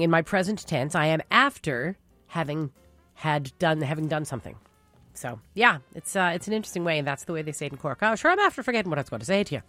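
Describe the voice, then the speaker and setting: Newfoundland woman radio host, lower voice, lively rise and fall, chatty, dry studio sound. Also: no echo. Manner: chatty, loose, with fillers. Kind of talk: jazz radio hosting.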